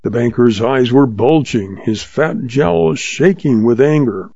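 A man narrating a western story in a steady, measured reading. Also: medium pitch, vocal fry, dry recording. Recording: dull lo-fi sound.

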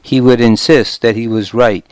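A man narrating a story in the first person, in a measured, steady storytelling manner, on a close studio microphone. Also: mid-range voice, no echo. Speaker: audiobook narrator.

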